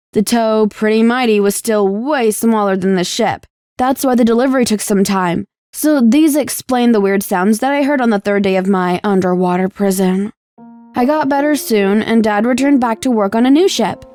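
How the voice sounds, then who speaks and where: Higher-voiced young woman narrating a story. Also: a little mellow, dry recording, studio quality. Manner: emotive storytelling delivery. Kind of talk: scripted first-person story narration.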